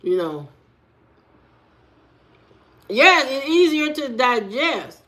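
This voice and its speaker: A woman's voice: high-pitched, very animated, drawn-out words, bright, forceful tone. A woman hosting a live stream in casual chat, answering her viewers with blunt rhetorical questions. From United States. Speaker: livestream host.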